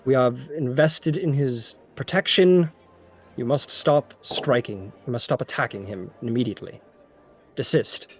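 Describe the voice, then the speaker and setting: A man playing an armored knight in a tabletop role-play, formal and commanding, speaking in measured words. The voice sits near the performer's own. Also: mid-range voice, slightly rough. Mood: stern. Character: stern armored male knight guard.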